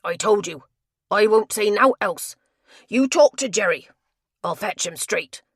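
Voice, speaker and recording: Lady putting on a big grumbly tapster guy, gruff country talk, kinda loud and pushy. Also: on the low side, animated, normal speed, no echo, studio quality. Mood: belligerent. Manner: gruff rustic dialect, belligerent then sulky. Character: big sulky male tavern tapster.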